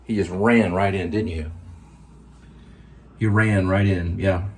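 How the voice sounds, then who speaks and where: A man with a very low voice chats in a loose, rambling way, leaning on filler words as he eats on camera at home. Faint noise sits under his voice. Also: steady tone, slow, darkish tone. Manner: rambling, easygoing, many "like" fillers; talks while eating. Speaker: vlog host. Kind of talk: casual cooking and pet vlog.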